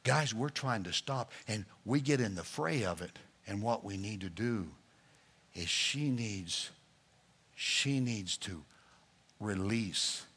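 A man's voice: on the low side, expressive, takes it slowly, fairly bright tone, slightly rough. A male pastor preaching a sermon, addressing the congregation directly in a playful coaching manner.

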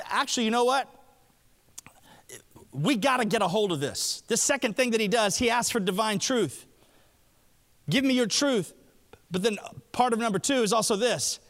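Animated high-voiced preacher in a hall. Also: male voice, a little slow, pauses often. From Alabama. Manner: animated preaching, acting out quoted prayers. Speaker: pastor. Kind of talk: sermon.

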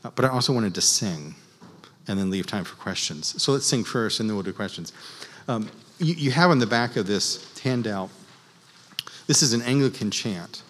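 A man teaching church music to a class, explaining in an unhurried, halting way with many fillers. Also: lowish voice, lively intonation, a little hiss or hum. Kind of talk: class lecture leading group chant. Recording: long reverb in a large hall.

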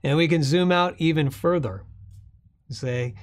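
A pastor preaching a sermon in an earnest, conversational way, with frequent fillers and restarts. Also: male voice, fairly high pitch, normal speed, long pauses.

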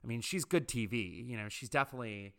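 Male commentator, gossipy and opinionated, crisp and bright. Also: mid-range voice, animated, fast talker. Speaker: reality TV commentator. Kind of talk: casual commentary monologue.

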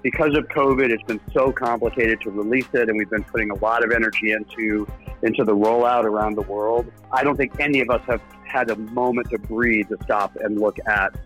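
Bright-voiced earnest man. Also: on the low side, steady tone, brisk, soft background music, low-quality recording. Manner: earnest and self-deprecating, laughs easily. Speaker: guest actor and filmmaker. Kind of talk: casual interview over a call.

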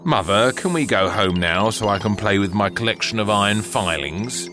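A man voicing a prim, bored, humourless little boy in a storybook reading, speaking in a flat, fussy, formal way. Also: on the low side, moderate pace, music in the background, pitched below the performer's own voice, lightly acted.

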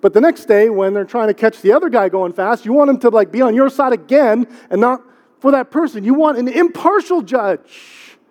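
High-voiced man preaching in a reverberant church. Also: animated, normal speed, darkish tone. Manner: conversational preaching with rhetorical questions and repetition. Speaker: pastor. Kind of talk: sermon. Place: church sanctuary. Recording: long hall reverb.

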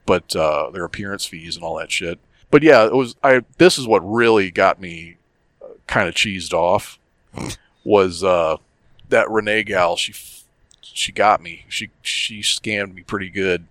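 A man's voice: low voice, unhurried, a bit bright, no room sound. A middle-aged man co-hosting a casual podcast, telling a story in a profane, worked-up rant. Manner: profane, ranting storyteller who gets worked up. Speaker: podcast co-host.

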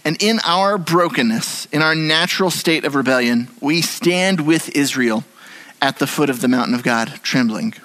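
Pastor preaching, voice fairly high. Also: male voice, normal speed, rough recording. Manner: expressive preaching, shifts from hushed to animated. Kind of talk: sermon. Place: church sanctuary.

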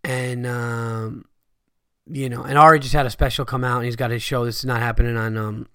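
A man hosting a podcast, telling a story casually, animated and swearing freely, loudly acting out his friends' lines. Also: mid-range voice, brisk, clear, resonant tone, no room sound, clean studio sound. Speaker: podcast host.

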